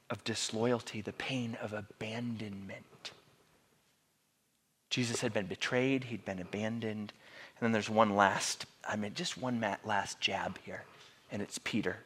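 A man's voice: lowish voice, fairly bright tone, slightly rough. A male pastor giving a sermon in a conversational, dramatic storytelling way.

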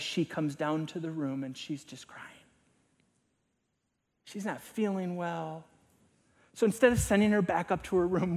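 A middle-aged male pastor preaching a sermon, swinging between loud emphasis and hushed, near-whispered lines. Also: fairly high pitch.

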